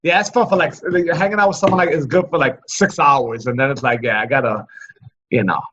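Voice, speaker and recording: A man's voice: medium pitch, brisk, pushed and bright, slight background noise. A man hosting a podcast, chatting in a laid-back way and stumbling over his words. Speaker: podcast host. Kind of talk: casual chat. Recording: dull, muffled audio.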